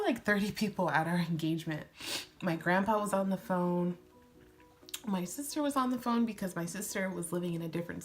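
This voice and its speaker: A woman in her twenties chatting excitedly while doing a makeup tutorial, gushing and giggling as she tells a story. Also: fairly low pitch. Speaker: beauty vlogger.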